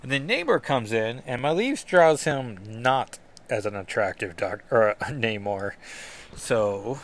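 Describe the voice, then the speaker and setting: A man's voice: medium pitch, expressive, a little slow, fairly bright tone, slight background noise. A man hosting a casual comic book review podcast, rambling and self-deprecating with lots of asides.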